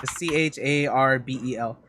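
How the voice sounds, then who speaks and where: Relaxed, rambling podcast co-host man. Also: medium pitch, normal speed, dry recording, studio quality. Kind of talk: casual chat.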